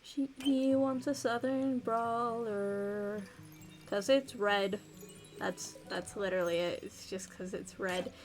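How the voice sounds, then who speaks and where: A woman chatting quickly and playfully to her stream chat while she plays a cozy innkeeping game. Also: mid-range voice, steady tone, soft background music.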